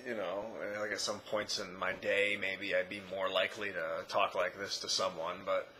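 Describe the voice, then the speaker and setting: A man talking casually to his camera in a rambling way, correcting himself and often trailing off quietly. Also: low-pitched, level tone, normal speed, slight background noise, poor audio. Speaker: vlogger. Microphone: camera mic.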